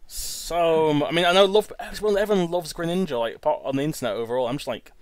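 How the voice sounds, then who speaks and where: A man's voice: a little high, quick pace, hardly any pauses, dry recording. Rambling man, dry sound. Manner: rambling, stammering restarts, laughs often. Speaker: let's play host. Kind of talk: casual gameplay commentary.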